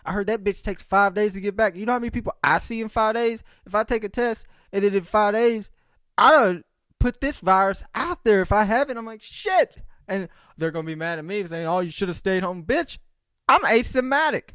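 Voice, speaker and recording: A man's voice: high-pitched, brisk, smooth, no room sound, clean studio sound. A young man talking in a casual solo podcast monologue, rambling, swearing and joking. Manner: rambling, profane, animated, jokey. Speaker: podcast host.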